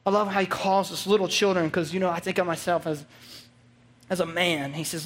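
High-voiced pastor preaching a lively sermon. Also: male voice, fairly quick, a little hiss or hum. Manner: animated storytelling, shifting from excited to hushed and earnest.

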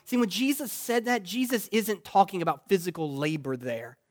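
A male pastor preaching a sermon in a church, moving from quiet reflection to loud, exclamatory passages. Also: high voice, moderate pace, hardly any pauses. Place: church sanctuary.

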